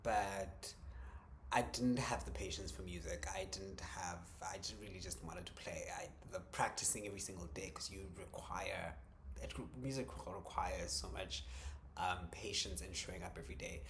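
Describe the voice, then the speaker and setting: A man talking through a personal creative journal in a reflective vlog, hesitant, with many ums, restarts and soft chuckles. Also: sits low, steady tone, moderate pace, a little hiss or hum. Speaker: vlogger.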